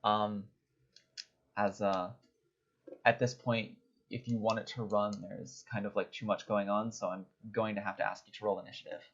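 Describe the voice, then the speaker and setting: A man's voice: on the low side, flat delivery, normal speed, a bit bright. A man narrating a tabletop game as game master, hesitant and full of fillers. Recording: dull lo-fi recording.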